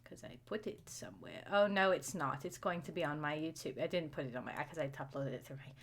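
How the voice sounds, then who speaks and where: A woman's voice: low voice, quick pace. A young woman live-streaming, flustered and self-mocking, who swears and drops into muttered whispers. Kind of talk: casual live-stream chat.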